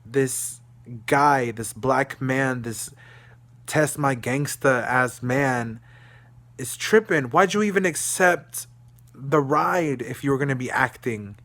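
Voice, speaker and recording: A man's voice: takes it slowly, a bit bright. A young man from Dallas, Texas, venting in a profane, agitated video diary from his room. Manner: agitated, profane venting that trails into a low murmur. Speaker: vlogger. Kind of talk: emotional video diary rant.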